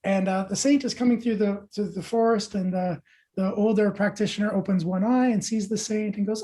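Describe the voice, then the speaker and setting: Male meditation teacher, warm-dark husky storyteller, animated. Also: high voice, a little fast. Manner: animated storyteller, lively asides to listeners. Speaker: podcast guest, meditation teacher. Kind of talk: telling a spiritual parable.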